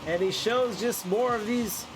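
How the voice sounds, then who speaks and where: A man casting an esports match in excitable play-by-play style, sounding congested and nasal from a cold. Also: high-pitched, unhurried, background noise. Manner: excitable play-by-play with frequent restarts. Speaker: esports caster.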